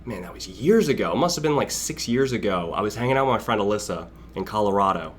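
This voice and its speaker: A man's voice: fairly low pitch, expressive, fast, slight background noise. A young man hosting a casual live stream, rambling and chatty as he greets viewers by name and laughs along. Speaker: livestream host.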